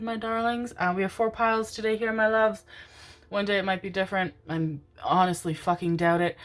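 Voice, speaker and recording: Low-voiced gushing woman, tarot reader. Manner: gushing, excitable, swears casually, calls viewers "my darlings". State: out of breath. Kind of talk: casual chat and tarot intro.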